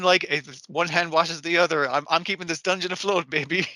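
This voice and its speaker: A man's voice: a little high, fairly even intonation, brisk, pushed and bright, no room sound. A man co-hosting an anime podcast in casual, profane chat, acting out characters' lines as he recaps. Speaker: podcast co-host.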